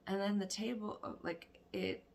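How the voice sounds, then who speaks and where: A woman quoting her flustered young daughter in a hurried, slightly raised voice. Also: medium pitch, steady tone, slight background noise, voice pushed up, natural voice.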